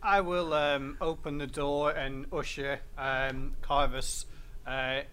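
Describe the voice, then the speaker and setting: A man's voice: on the high side, level tone, takes it slowly, a bit bright, clean tone. A man playing a tabletop game, casually describing what his character does. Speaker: player.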